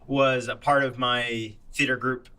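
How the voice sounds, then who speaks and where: A young man with a mid-pitched, bright voice speaks in a casual podcast chat. He is reserved and hesitant, often restarting his sentences. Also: level tone, unhurried, smooth, low-quality recording. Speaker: podcast co-host.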